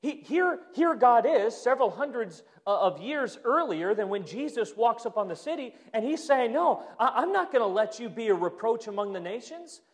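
A man preaching a sermon as a pastor, moving from loud emphatic bursts to hushed, quiet lines. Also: very high voice, expressive, normal speed, few pauses. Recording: long hall reverb.

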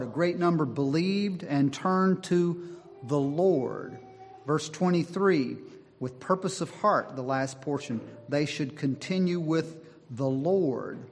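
A man preaching a sermon, slow and deliberate, driving his points home with emphatic repetition. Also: fairly high pitch. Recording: long hall reverb.

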